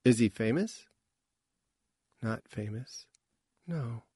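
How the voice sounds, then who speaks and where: A man's voice: medium pitch, animated, unhurried, a little mellow, no echo. A man voicing a wry guarded young woman. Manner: murmuring, dry asides.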